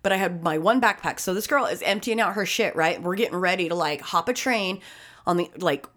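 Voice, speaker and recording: A woman's voice: lowish voice, a little fast, a bit bright. A woman co-hosting a casual chat, telling a story in a blunt, emphatic, profanity-laced way. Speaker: podcast co-host.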